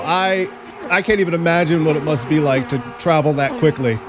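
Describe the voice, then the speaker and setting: A man's voice: on the high side, fairly even intonation, fairly quick. Jokey male race commentator. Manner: jokey, sarcastic asides. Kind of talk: sim racing play-by-play commentary. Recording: loud race engine noise. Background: race car engine noise.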